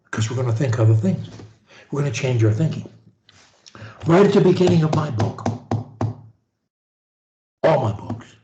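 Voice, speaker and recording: A man coaching a stutterer over a video call, preachy and animated, swinging from loud to whispered. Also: medium pitch, echoey room, highs cut off, slight background noise. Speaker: speech coach.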